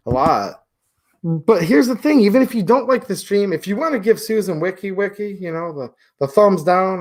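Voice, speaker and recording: A man from Michigan with a high, slightly mellow voice, a little raised, hosts a casual livestream. He reads viewer comments, chatting and joking in loose, rambling asides.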